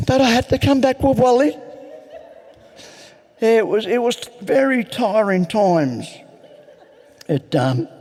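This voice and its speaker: A man's voice: very high-pitched, animated, slow, long pauses, darkish tone. An older man rambling through a self-mocking personal story at a recovery meeting. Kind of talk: personal story told to an audience. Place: large hall. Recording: echoey large hall.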